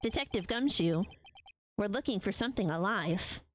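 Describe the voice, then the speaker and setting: A woman voicing an exasperated young male defense lawyer while reading game dialogue aloud, in a quick, incredulous way. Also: medium pitch, expressive, a little hiss or hum, lightly acted.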